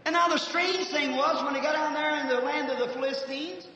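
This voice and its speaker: A man preaching a fervent, folksy revival sermon, shifting from soft asides to shouts, on a 1950s archive recording with faint hiss. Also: very high-pitched, fairly even intonation, a little fast, roomy sound, long reverb tail, muffled recording.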